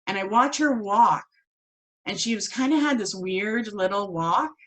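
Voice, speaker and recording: A woman teaching a spiritual course, telling a personal story in an animated way and acting out the voices of the people in it. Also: medium pitch, a little slow, rough recording. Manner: animated, acts out quoted voices.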